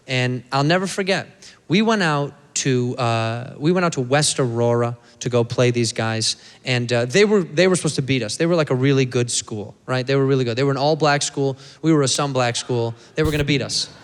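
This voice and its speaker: A man's voice: mid-range voice, fairly quick, clear, resonant tone, big-room sound. A man in his thirties doing a stand-up set, telling a story animatedly and putting on voices. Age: 30s. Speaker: stand-up comedian.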